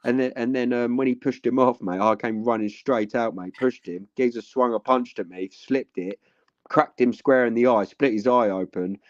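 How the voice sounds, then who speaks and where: A man's voice: mid-range voice, moderate pace, dry recording, muffled recording. A young man, chatting casually on a podcast, rambling with lots of fillers and swearing.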